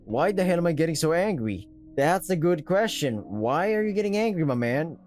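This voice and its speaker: A man's voice: on the high side, normal speed, faint music behind. A man hosting a gaming video, reading a visual novel aloud and reacting with swearing. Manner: animated, swears while reacting.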